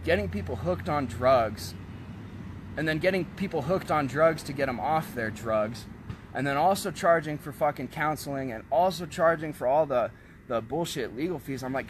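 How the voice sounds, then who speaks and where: A man in a casual, blunt rant to camera, swearing often and turning loud when heated. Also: mid-range voice, animated, moderate pace, slight background noise. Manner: profane, blunt, frequent swearing. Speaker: vlogger selling kratom.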